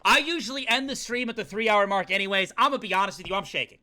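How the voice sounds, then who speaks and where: A male streamer giving live commentary on a game playthrough, reacting loudly and emotionally and swearing often. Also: sits high, rapid-fire.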